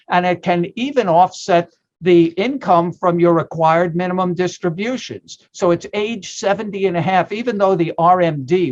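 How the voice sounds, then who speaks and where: Emphatic man explaining tax rules, lo-fi. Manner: emphatic, punchy, jumps into a mock infomercial pitch. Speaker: retirement account tax expert guest.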